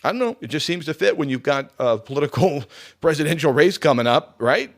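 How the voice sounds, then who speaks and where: A man hosting a radio talk show, chatting casually as he reads through a list of facts and drops quick personal asides. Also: a little high, lively intonation.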